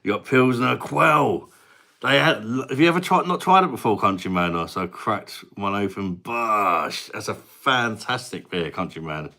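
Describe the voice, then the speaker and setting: A man voicing a cheerful male call-centre worker character with a put-on Indian English accent, speaking slowly and warmly addressing people as countryman. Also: on the low side, animated. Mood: cheery. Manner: slow, upbeat, calls people countryman.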